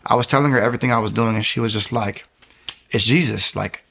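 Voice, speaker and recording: A man telling the story of his conversion in an animated, conversational way. His mid-pitched voice has a gravelly fry. He stumbles and restarts often and acts out what others said. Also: rapid-fire. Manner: animated, acts out quotes, many fillers and restarts. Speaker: speaker giving a personal testimony. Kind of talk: personal faith testimony, storytelling.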